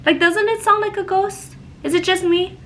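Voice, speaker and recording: A young woman telling a personal story in a casual, animated way, full of "like" fillers. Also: very high-pitched, normal speed, slight background noise, low-quality recording. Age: young adult. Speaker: vlogger. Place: home, indoors.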